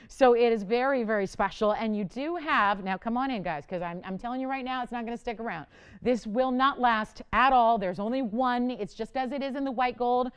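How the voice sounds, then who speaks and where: A middle-aged woman hosts a live jewelry sales show with a smooth, clear voice. She talks in a chatty, enthusiastic way and leans hard on her selling points. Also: a little high. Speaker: jewelry shopping host. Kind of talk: live home-shopping sales pitch.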